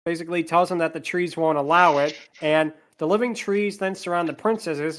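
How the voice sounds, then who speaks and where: A man with a slightly higher voice hosts a casual podcast. He recaps a film's plot in a steady flow and breaks off for dry, sarcastic complaints about it. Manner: plot narration with sarcastic asides. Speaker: podcast host.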